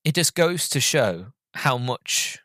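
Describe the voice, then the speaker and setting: Male podcast host, mid-pitched, heartfelt rambling review, dry sound. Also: sing-song, slow pace, a bit bright, dry recording. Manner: earnest, heartfelt and rambling, with many restarts. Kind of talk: casual film review.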